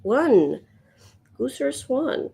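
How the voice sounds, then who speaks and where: Slow, chatty woman on a sketch stream. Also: high voice, big pitch swings, creaky, warm tone, slightly rough. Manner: slow, chatty, thinking aloud, yawning. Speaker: livestream sketch artist. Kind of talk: casual livestream chat.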